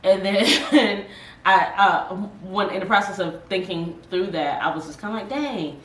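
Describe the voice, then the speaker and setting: A woman's voice: mid-range voice, unhurried, fairly bright tone. A woman co-hosting a podcast, chatting casually and animatedly with fillers and laughs, sounding tired. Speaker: podcast co-host. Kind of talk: casual chat. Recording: echoey room, from a distance, faint noise.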